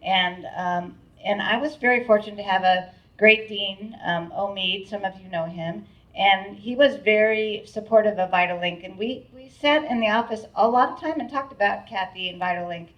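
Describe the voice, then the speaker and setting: A woman's voice: medium pitch, moderate pace. Heartfelt woman speaking from a distance. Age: middle-aged. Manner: heartfelt, rambling with many restarts and fillers. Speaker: board chair giving a speech. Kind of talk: emotional, grateful event speech. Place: event hall with an audience. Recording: distant, dull-sounding mic at a live event.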